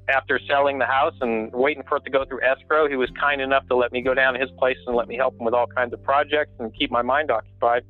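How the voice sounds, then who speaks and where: A man being interviewed about his sand sculpting and carving. He tells rambling, jokey stories and laughs often. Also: mid-range voice. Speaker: guest sand sculptor and carver. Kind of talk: casual storytelling interview. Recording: tinny phone line.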